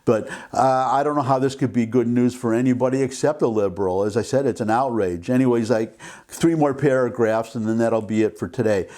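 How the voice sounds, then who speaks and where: An older man hosting an opinion vlog, reading a news article aloud and commenting on it indignantly, with halting restarts. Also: medium pitch, darkish tone. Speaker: vlog host.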